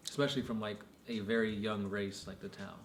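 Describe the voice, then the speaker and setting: A man co-hosting a casual chat, talking in a relaxed, loose way with lots of fillers. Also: fairly low pitch, fairly quick. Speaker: podcast co-host. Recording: echoey room with faint noise.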